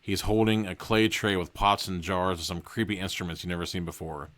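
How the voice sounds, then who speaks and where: A man's voice: sits low, steady tone, a little fast, a bit bright. A man hosting a podcast, casually reading a horror gamebook aloud and breaking off for joking asides. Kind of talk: casual read-aloud with commentary.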